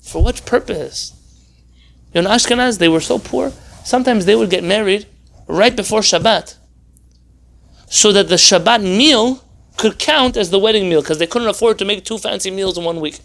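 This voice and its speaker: A rabbi leads an informal Torah class in a high, bright voice. He keeps tossing rhetorical questions at his listeners and slips in dry, sarcastic humor. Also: normal speed, vocal fry. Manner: animated, full of rhetorical questions.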